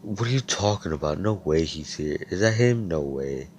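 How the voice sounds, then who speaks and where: A man's voice: low-pitched, animated, moderate pace, darkish tone, a little hiss or hum. A man doing a snooty young noble mage. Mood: haughty. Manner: haughty, disdainful. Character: snobbish arrogant young male noble mage.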